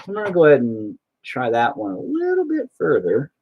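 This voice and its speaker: A man's voice: fairly high pitch, huge pitch swings, fairly quick, husky, dull audio. A young man chatting casually while he paints, self-deprecating and swearing constantly as he talks to his painting. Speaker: painting video host.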